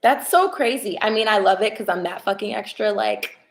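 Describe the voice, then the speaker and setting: Chatty, excitable young woman in an echoey room. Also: medium pitch, a little fast. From United States. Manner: chatty, excitable, swears casually. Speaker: tarot reader. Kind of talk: casual livestream chat and tarot reading.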